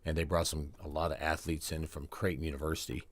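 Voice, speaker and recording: A man's voice: a bass voice, little pitch movement, fast talker. A man who is a guest on a radio sports show, talking in an easygoing way and laughing readily.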